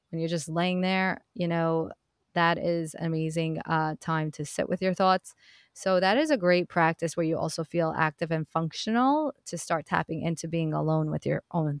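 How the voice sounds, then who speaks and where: A woman's voice: low-pitched, normal speed, clean tone, no room sound, clean studio sound. A woman hosting a self-help podcast, talking earnestly and encouragingly to her listeners in a casual, direct way. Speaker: podcast host. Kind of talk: motivational self-help talk.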